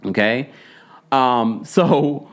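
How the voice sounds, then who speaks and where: A man's voice: medium pitch, very slow. A man hosting a casual, opinionated recap of a reality show, talking emphatically and mimicking the people he discusses.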